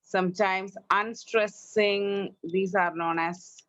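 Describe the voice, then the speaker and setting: A woman's voice: mid-range voice, steady tone, slow pace, a bit bright, no echo, dull audio. A woman with an Indian English accent teaching English online, correcting her students' pronunciation and drilling them. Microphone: online class, video call.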